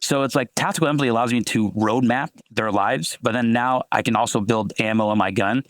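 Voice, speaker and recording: A man guest on a podcast, a sales leader who talks fast and acts out conversations with clients. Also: medium pitch, no room sound, studio quality. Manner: fast, animated, acts out calls. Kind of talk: podcast interview.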